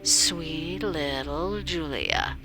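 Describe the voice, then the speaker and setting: A woman's voice: sits low, very slow, bright, forceful tone. A woman narrating her character in the first person during a tabletop game, wry and sardonic, often dropping into a whisper. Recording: clear music behind.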